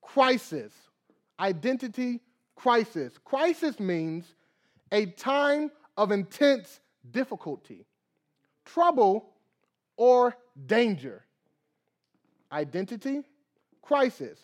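A young man preaching a sermon as pastor, reading scripture, praying, and acting out little dialogues with lively energy. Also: very high voice, slow pace. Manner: animated preaching with acted dialogue and prayer.

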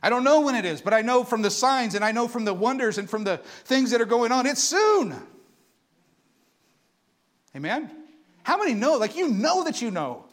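A man preaching a sermon to his church, animated and conversational, asking the congregation for responses. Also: extremely high pitch, moderate pace, pauses often. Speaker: pastor.

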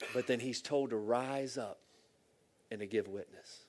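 A middle-aged man preaching from the pulpit in an earnest, emotional way. His voice sits at an ordinary pitch for a man. He tells stories with feeling, rising into loud bursts and dropping to soft, near-whispered lines. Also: unhurried. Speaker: pastor. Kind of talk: sermon.

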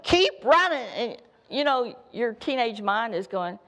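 A woman's voice: a little high, unhurried. A middle-aged woman preaching a sermon, telling folksy, humorous personal stories.

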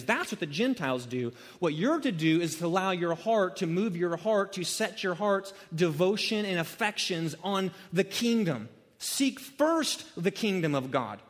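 A man preaching an expository sermon, emphatic and repetitive, swinging between loud urgency and hushed earnestness. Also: sits high, sing-song, measured pace, few pauses. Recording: long hall reverb.

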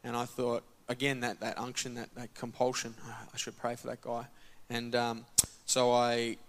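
A man from a church relates his testimony at a moderate pace, his voice medium in pitch. He keeps it casual and animated, voicing the conversation as it happened.

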